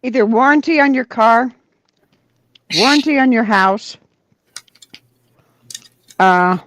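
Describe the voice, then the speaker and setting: A woman's voice: fairly high pitch, animated, slow, fairly bright tone, no echo. A woman co-hosting a livestream, chatting casually with dry sarcasm and frequent laughs. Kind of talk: casual chat. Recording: dull lo-fi sound.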